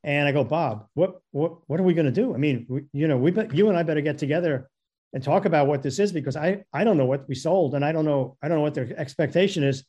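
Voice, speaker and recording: Man, storyteller, stammering, repeats himself, mellow tone, slightly high voice. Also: fast, slightly rough, highs cut off. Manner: stammering, repeats words, acts out quoted voices. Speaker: guest storyteller. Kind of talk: casual anecdote telling.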